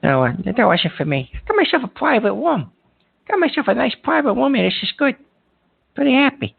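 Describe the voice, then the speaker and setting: Irritable man in pain hosting a call-in from a hospital room, husky voice, phone-line sound. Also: very high-pitched, very animated, a little fast. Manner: rambling, irritable, swears, many fillers. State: in pain from a back injury. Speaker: call-in show host. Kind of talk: call-in radio talk.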